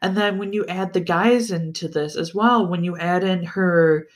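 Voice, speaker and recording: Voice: mid-range voice, normal speed. A podcast host chatting alone about a book series, enthusiastic and swearing freely, often stumbling and restarting sentences. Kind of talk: casual solo book-review chat.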